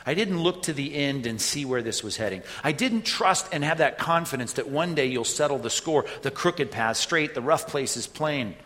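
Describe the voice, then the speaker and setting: A man delivering a sermon in a relaxed, conversational manner, tossing in "right?" as he goes. His voice sits at an ordinary middle pitch. The room gives it a long, hanging reverb, like a large sanctuary. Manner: conversational preaching with frequent "right?" asides. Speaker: pastor.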